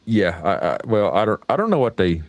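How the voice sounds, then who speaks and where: A man's voice: on the low side, sing-song, a little fast, no room sound. An American man hosting a casual livestream chat, talking in a folksy, profane, rambling way. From United States. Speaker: livestream host.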